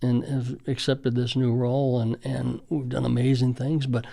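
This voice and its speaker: A man's voice: mid-range voice, level tone, normal speed, creaky, warm tone. A middle-aged man, a school safety official, earnestly reminiscing in conversational storytelling with frequent fillers.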